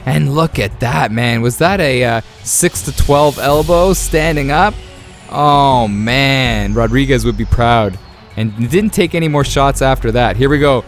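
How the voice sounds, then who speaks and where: A gaming YouTuber narrates his own video game highlights in an ordinary middle-pitched voice at normal speed. He's excitable, laughs often, and tosses out playful trash talk, with soft music playing faintly underneath.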